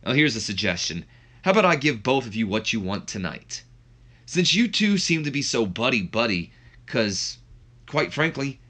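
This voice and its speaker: A man's voice: mid-range voice, sharp tone. A man voicing a fed-up male wrestling promoter who issues a challenge. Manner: exasperated, challenging.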